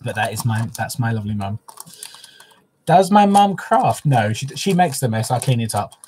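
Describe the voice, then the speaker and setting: On a casual home craft livestream, a man with a fairly low, husky, slightly mellow voice talks fast from his living room. He is chatty, soppy, and openly emotional with his viewers.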